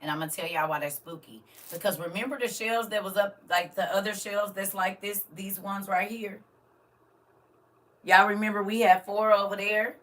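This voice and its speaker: An older grandmother chats on a live stream, talking right to her viewers. Her voice is bright and a little tense. She sits a bit back from the camera mic, so she sounds slightly distant. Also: mid-range voice, steady tone, moderate pace. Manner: chatty, talks straight to viewers. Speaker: vlogger. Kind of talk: casual live stream chat.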